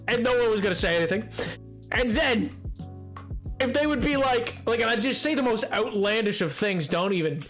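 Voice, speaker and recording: A young man streaming a game, chatting casually with viewers and telling stories in an animated way with frequent laughter. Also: high-pitched, brisk, faint music behind. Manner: animated storytelling, laughs often, mocking voices. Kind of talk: casual live-stream chat while gaming.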